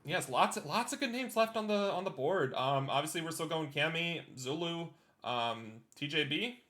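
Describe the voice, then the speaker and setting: A man's voice: on the high side, animated, moderate pace, sharp tone. A young man hosting a live-streamed esports draft, talking with frequent ums and uhs. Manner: hesitant, many ums and uhs. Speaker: draft host and team owner.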